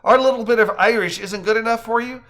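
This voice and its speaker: A man's voice: very high-pitched, quick pace, a bit bright, pitched above the performer's own voice. A man playing a teasing young man who puts on a mock Celtic brogue in a storybook reading.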